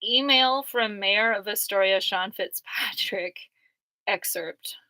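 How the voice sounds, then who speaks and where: A woman's voice: medium pitch, slow pace, pushed and bright, dry recording, low-quality recording. A woman rambling casually over her court papers, chatty, laughing often and full of "like" fillers. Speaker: vlogger going through court papers.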